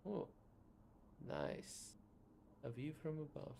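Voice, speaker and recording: A man's voice: medium pitch, measured pace, creaky, warm tone, slight background noise. A man streaming a narrative game, reading the dialogue aloud with casual muttered asides and self-corrections. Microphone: new desk microphone.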